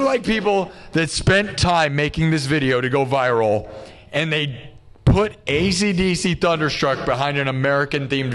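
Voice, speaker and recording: A man with a somewhat high voice talks casually to his live stream audience. He rants in an exasperated way and keeps calling his viewers "dude" and "bro". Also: fairly bright tone. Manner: ranting, exasperated, says "dude" and "bro" a lot. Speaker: livestream host. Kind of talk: casual livestream rant.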